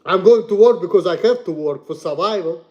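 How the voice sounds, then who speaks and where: A young man from Russia with a Russian accent, ranting bluntly and profanely on a livestream, repeating himself and swinging between loud and soft. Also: high voice, a little fast, dull audio. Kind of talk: casual rant to stream.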